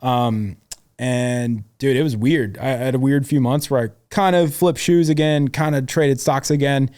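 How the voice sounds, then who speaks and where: A man's voice: medium pitch, fairly even intonation, moderate pace, darkish tone. A young adult man, a podcast guest, tells his sales career story in a casual, slangy way with plenty of swearing. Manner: slangy and profane, full of "dude" and "like".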